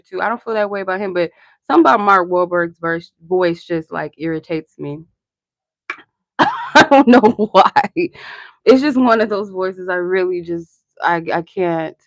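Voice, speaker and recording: A woman's voice: medium pitch, no echo, clean studio sound. Chatty woman reading tarot live. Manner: chatty and rambling, answers live chat, laughs often. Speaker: tarot reader hosting a live stream. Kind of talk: casual live-stream chat and tarot reading.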